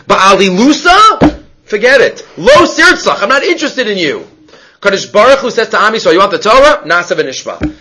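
A man giving a Talmud class, animated, mixing in Hebrew and Aramaic terms and restarting his sentences. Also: fairly high pitch, low-quality recording. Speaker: Talmud teacher.

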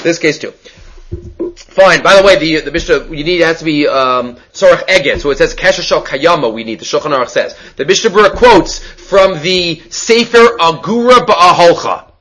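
A man giving a Talmud class, explaining quickly and with energy, mixing in Hebrew and Aramaic terms. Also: on the high side, a bit bright, faint music behind, poor audio. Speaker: Talmud teacher.

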